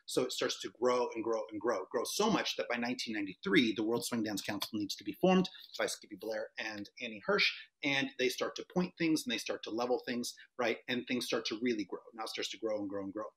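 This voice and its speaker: A man's voice: mid-range voice, brisk, hardly any pauses. Chatty middle-aged man telling stories. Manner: animated, chatty, many restarts and fillers. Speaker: dance instructor giving a presentation. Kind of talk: casual storytelling lecture. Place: home set-up for an online event.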